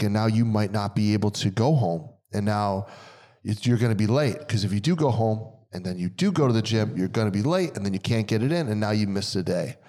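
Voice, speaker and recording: A man co-hosting a casual podcast chat, talking emphatically and repeating words for stress as he tells stories. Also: on the low side. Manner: animated storytelling. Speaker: podcast co-host.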